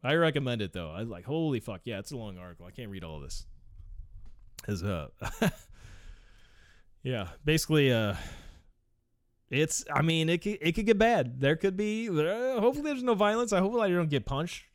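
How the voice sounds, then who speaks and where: A young man reads an article aloud in a casual, rambling way, stopping often for profane, laughing asides. His voice is smooth and clear. The recording is dry and close, with no room sound. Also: a little high, big pitch swings, moderate pace, pauses often, no echo. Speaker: vlogger reading an article aloud. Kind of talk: casual reading with commentary.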